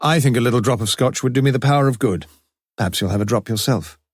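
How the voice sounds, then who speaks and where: A man voicing a shrewd, wry male police inspector in an audiobook, coaxing and quietly commanding. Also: mid-range voice, fast, dry recording, studio quality, voice pushed up, close to an everyday voice. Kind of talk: audiobook character voice.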